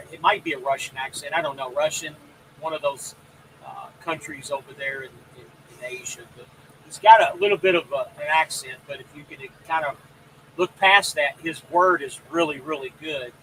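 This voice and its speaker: Man, stream host, casual chat, greets viewers, bright tone, slightly high pitch. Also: slight background noise, low-quality recording. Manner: rambling, reads out viewer comments. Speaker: trucking live stream host.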